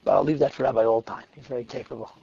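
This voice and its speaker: A man, a rabbi, telling stories in a lecture, lively in the telling and dropping to quiet asides. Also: medium pitch, very fast, creaky, breathy edge, highs cut off. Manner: animated retelling that drops to quiet asides. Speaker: rabbi teaching a class. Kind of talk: storytelling lecture.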